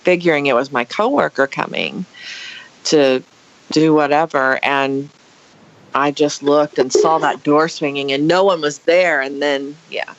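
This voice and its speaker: A woman guest on a podcast, telling a story casually with dramatic, animated flair and acted-out quotes. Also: low voice, measured pace. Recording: dull lo-fi podcast audio.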